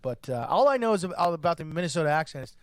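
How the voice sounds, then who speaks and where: A goofy, playful man co-hosting a podcast who swears freely. His voice sits a little high and is picked up dry and close, with no room sound. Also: very animated, very fast, dry recording. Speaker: podcast co-host. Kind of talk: casual chat.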